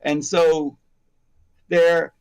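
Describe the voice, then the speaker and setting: A man in his fifties hosting a casual chat about hair extensions, rambling and animated with many fillers and asides. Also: a little high, extremely slow, clear, resonant tone. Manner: rambling, animated, self-deprecating, frequent fillers. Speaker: hair extension educator, host.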